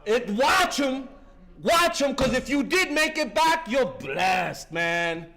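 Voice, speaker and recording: Fifties guy preaching his recovery story, swears a lot, keeps saying listen, lively up and down voice. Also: very high voice, slow pace, vocal fry. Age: 50s. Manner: fervent, profane, street-talking, repeats "listen". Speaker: recovery meeting speaker. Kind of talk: impassioned recovery share.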